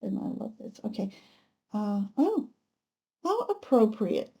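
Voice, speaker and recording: Woman tarot reader with a mellow, fry-edged voice. Gentle, unhurried spiritual talk. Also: fairly high pitch, very animated. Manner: gentle, unhurried, spiritual musing with many ums. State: emotional, close to tears at times. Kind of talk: pick-a-card tarot reading.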